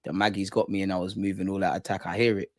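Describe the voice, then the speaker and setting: Reading out his viewers' comments, a young livestreamer with a London accent chats casually, laughing and using plenty of slang. He speaks fast in a deep, flat voice, captured on a dry, clean studio recording.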